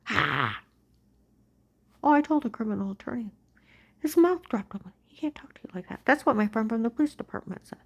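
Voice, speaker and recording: A woman giving an agitated personal monologue, ranting and swinging between loud outbursts and hushed whispers. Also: a little high, very animated, fairly quick, pauses often.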